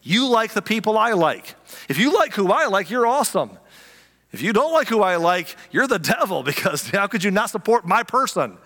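A man voicing an eager adult churchgoer who gushes excitedly with self-assurance. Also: high-pitched, moderate pace, long reverb tail, pitched above the performer's own voice, full character voice. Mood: gushing.

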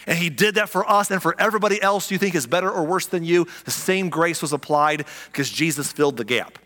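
A man preaching a sermon as pastor, animated and conversational, repeating key lines for emphasis. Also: a little high, fast, long reverb tail.

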